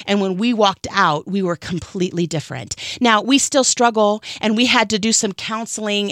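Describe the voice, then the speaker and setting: A woman's voice: mid-range voice, no room sound, clean studio sound. A woman in her thirties giving an earnest, emotional personal testimony in a storytelling manner. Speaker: speaker sharing testimony.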